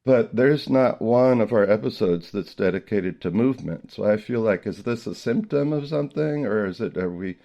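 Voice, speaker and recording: A middle-aged man hosts a casual podcast chat with a slightly low voice and a gravelly edge. He tells stories in an animated way and laughs often as he talks. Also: normal speed, few pauses, highs cut off. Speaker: podcast host, early childhood music teacher.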